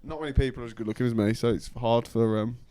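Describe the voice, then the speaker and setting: A young man telling blunt, sweary stories with a deadpan edge in a casual chat among friends. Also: mid-range voice, fast. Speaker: podcast co-host.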